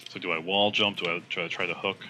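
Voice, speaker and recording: A young man co-hosting a let's play, giving casual, jokey gameplay commentary, quick-talking and laughing easily. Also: low voice, level tone, pushed and bright, a little hiss or hum.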